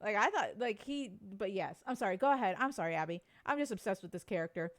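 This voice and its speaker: A woman chats casually as a podcast co-host, gushing with enthusiasm. Her voice sits at a middling pitch. The recording is close and dry, with no room echo. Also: expressive, fast talker. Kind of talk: casual chat.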